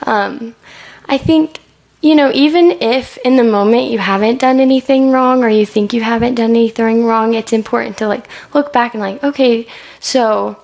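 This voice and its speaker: Gravelly-voiced young woman, chatty and hesitant. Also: a little high, moderate pace, hardly any pauses, a little mellow. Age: young adult. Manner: chatty and hesitant, many likes and ums, acts out quoted lines. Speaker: student defending her senior thesis. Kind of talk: answering questions at a thesis defense. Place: school room with an audience.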